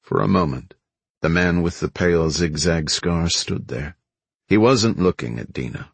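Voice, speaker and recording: A deep, husky male voice narrates an audiobook in a steady, measured storytelling manner. The narration is scripted, and there's no room sound.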